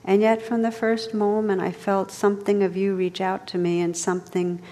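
A woman's voice: medium pitch, little pitch movement, mellow, in a large hall, close to an everyday voice. A woman reading the part of an earnest, devoted young male knight. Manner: earnest, halting at moments.

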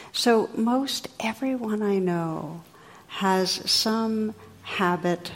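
Woman, meditation teacher, dharma talk, gentle, reflective, slightly low voice, reverberant hall.

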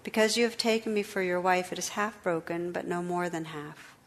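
A woman's voice: lowish voice, a little fast, natural voice. A woman reading aloud, voicing an enchanted medieval noblewoman who speaks in a pleading, sorrowful way. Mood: gentle. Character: enchanted noblewoman, tearful and earnest, medieval bride. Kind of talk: storybook read-aloud.

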